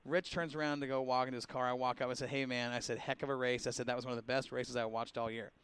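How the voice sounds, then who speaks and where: Animated man telling a story. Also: mid-range voice, fast talker, clear, resonant tone. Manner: animated storyteller who laughs often and acts out quotes. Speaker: radio show host. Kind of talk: casual storytelling chat.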